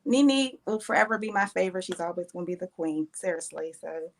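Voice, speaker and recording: A woman's voice: fairly low pitch, expressive, a little fast. Chatty woman caller. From Pittsburgh, Pennsylvania. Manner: chatty, hesitant, trailing off. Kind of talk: casual phone-in chat.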